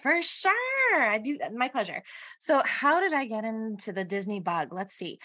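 Woman guest, bright and upbeat, chatty storyteller. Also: fairly high pitch, moderate pace. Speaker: podcast guest. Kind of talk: casual chat.

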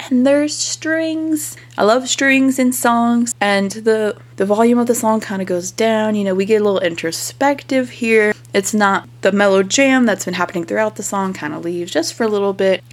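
A young woman hosting a podcast, talking through a song's lyrics and music in a casual, chatty way full of "like" and "kinda". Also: mid-range voice. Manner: chatty, frequent "like" and "kinda" fillers. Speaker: podcast host.

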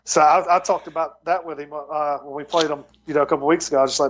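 A man's voice: a little high, fairly even intonation, fast, dull audio, slight background noise. A man who coaches college football, telling recruiting stories in a casual podcast interview, with a lot of restarts and repeated words. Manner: rambling storyteller with many restarts. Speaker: football tight end coach and recruiting coordinator.

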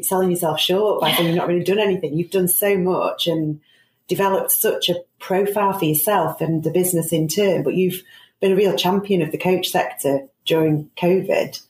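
A woman's voice: on the low side, darkish tone. A woman hosting an interview, offering encouraging, affirming remarks to her guest. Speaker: interview host. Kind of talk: casual interview chat. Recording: roomy recording with a faint hiss.

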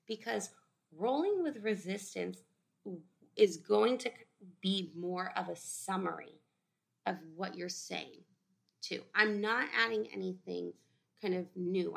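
A woman tutors through practice exam questions in a relaxed, chatty way. Her voice carries a strong, steady gravelly fry at a middling pitch. She often acts out what her students or patients might say. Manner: conversational, quotes students and patients in little voices.

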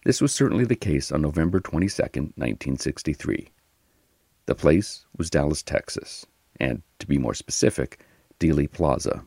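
A man hosting and narrating a history podcast in a slow, measured scripted storytelling delivery. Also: rumbling low, expressive, gravelly, warm tone, slightly rough, dry recording.

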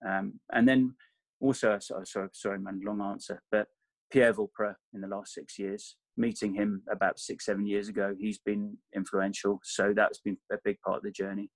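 Male coach guest, deep and even, rambles and self-corrects, dry close sound. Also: moderate pace, no echo. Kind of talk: casual interview chat.

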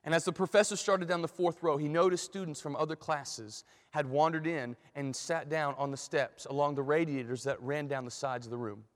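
Man, storyteller, animated and dramatic, sermon story, long reverberant hall. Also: a little high, a little fast, few pauses.

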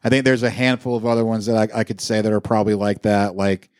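Low-voiced man telling rambling stories. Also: steady tone, fast, clean tone, dry recording, studio quality. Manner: rambling anecdotes with fillers and swearing. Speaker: podcast co-host. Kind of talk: casual chat, storytelling.

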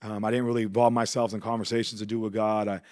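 A man guest telling his personal testimony in a relaxed, conversational way, with frequent fillers. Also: fairly low pitch, quick pace. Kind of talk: casual storytelling.

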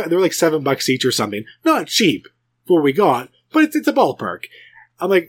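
A man with a slightly high voice, rambling through a story with lots of restarts and sudden jumps in pitch. He hosts a relaxed podcast chat. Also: fairly quick, slightly rough. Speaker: podcast host. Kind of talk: casual chat.

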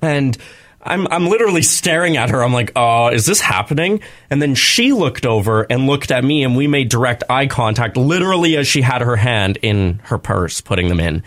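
A man hosting a radio show, telling a long personal story in an earnest, rambling, animated way. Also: mid-range voice, normal speed. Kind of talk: casual on-air storytelling.

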